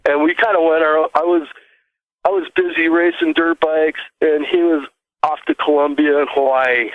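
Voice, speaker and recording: A man calling in to a show and telling a long story in a halting, rambling way, full of restarts. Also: fairly high pitch, steady tone. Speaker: caller. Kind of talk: casual call-in storytelling. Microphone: phone. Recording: tinny dry phone line.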